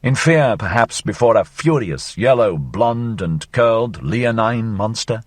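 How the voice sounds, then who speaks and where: A man reading a philosophical novel aloud as an audiobook, theatrical, with sweeping swings in pitch and loudness. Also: animated, measured pace, no echo, studio quality. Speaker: audiobook narrator.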